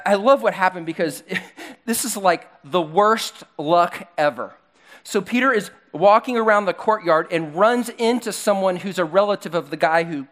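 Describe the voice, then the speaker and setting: A man preaches to a congregation in a church hall, calling for slides as he goes. He tells the story in an animated way, acting out the characters in voices of their own. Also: high-pitched. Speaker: pastor. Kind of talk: sermon.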